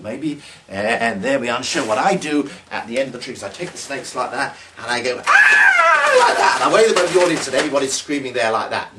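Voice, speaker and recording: A man's voice: medium pitch, bright, forceful tone, recorded from a distance, a little hiss or hum. A British man, a magician, explaining a trick and then performing its showman patter in a theatrical, exclamatory way.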